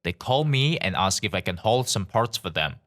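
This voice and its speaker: Male narrator for story readings, lowish voice, lively delivery. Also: normal speed. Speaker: narrator of online stories. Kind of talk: reading forum stories aloud.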